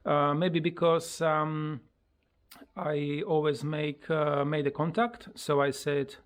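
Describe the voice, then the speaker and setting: A parrot owner casually chatting on a pet vlog in halting speech, breaking into high sing-song coaxing when talking to the bird. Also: flat delivery. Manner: halting, with many fillers and simple grammar.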